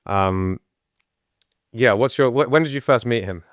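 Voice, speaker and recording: A man hosting a casual interview, asking relaxed questions and often chiming in with agreement. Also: mid-range voice, unhurried, no room sound, studio quality. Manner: relaxed, frequent agreeing backchannels. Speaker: interviewer host.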